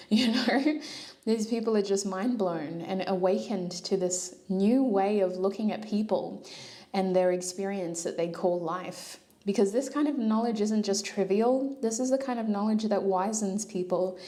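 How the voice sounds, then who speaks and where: A woman's voice: mid-range voice, normal speed, mellow. A woman doing a casual tarot reading, chatty, laughing often and acting out little dialogues. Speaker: tarot reader.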